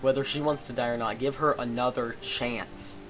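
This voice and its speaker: Male gamer, excitable, loud reactions while reading a story game aloud, average pitch. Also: moderate pace, faint music behind.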